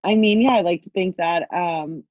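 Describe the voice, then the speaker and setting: A woman's voice: fairly low pitch, normal speed, no echo. A woman in her twenties, a podcast guest, telling a wild dating story casually, swearing freely and acting out what people said. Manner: candid, swears freely, acts out quotes. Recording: dry, dull lo-fi sound.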